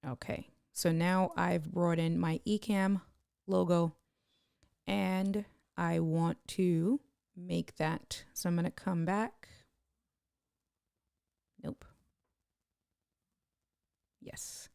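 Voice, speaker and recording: Gravelly-voiced woman streamer teaching live. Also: on the low side, steady tone, very slow, long pauses, a little mellow, no echo, clean studio sound. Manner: chatty, thinks aloud while clicking, greets viewers by name. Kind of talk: casual live-stream tutorial.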